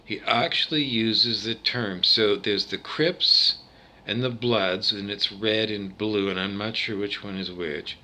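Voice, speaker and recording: A man's voice: lowish voice, a little slow, pushed and bright. A man from Canada talking alone to camera in a rambling, digressive monologue full of tangents and restarts. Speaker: vlogger.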